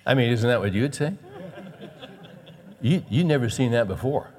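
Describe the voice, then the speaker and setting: A man preaching a sermon as pastor, folksy and animated, with soft chuckles. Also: medium pitch, normal speed, long reverb tail.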